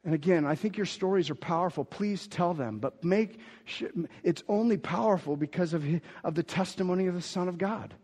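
A male pastor delivers a sermon with a somewhat high voice, moving between hushed asides and forceful, repeated declarations. His words ring out with the long reverb of a large church hall. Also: fairly quick, few pauses, husky. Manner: emphatic preaching that swings from quiet asides to loud declarations; repeats key phrases for emphasis.

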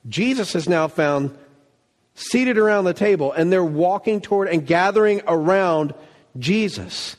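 A man preaching a sermon as pastor, animated, acting out quoted voices and dropping from loud bursts to hushed lines. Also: high-pitched, unhurried. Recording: long reverb of a large hall.

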